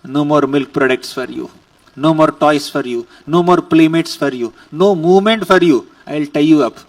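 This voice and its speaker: A man's voice: on the high side, normal speed, distant mic, close to an everyday voice. A man voicing an exasperated village mother scolding her mischievous son, within a scripture lecture.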